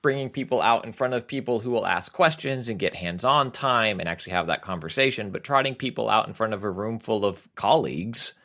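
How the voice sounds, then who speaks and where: A man's voice: on the low side, a little fast, few pauses, fairly bright tone. A man co-hosting a video game podcast, chatting casually in a wry, joking way. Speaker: podcast co-host. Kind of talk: casual chat.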